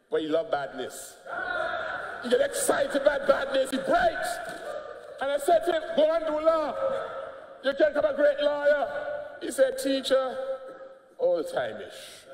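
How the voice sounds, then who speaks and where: An older man with an Antiguan accent giving a combative, mocking speech in parliament. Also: very high voice. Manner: combative, mocking, laughing jabs. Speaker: politician speaking in parliament. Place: parliament chamber. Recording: echoey chamber, long reverb.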